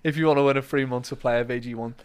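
A man's voice: mid-range voice, fairly even intonation, racing. A man with a Northern Irish accent hosting a podcast, doing ad reads and joking with guests in a rambling, laughing way. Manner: jokey, rambling, laughs often. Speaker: podcast host. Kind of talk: casual podcast chat and ad reads.

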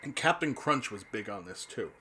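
Husky and lowish, his voice comes across animated and sharp-toned at a moderate pace. He's a fifties-aged man from New Jersey, USA, casually rambling about the past, cutting himself off, restarting, and swearing now and again.

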